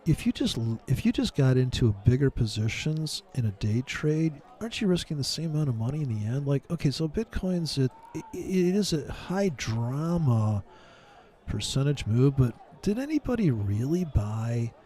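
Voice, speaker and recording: A man's voice: mid-range voice, sing-song, normal speed, mellow. A man hosting a casual trading stream, rambling and mocking in a profane, joking way. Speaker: livestream trading host. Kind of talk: casual ranting chat with viewers.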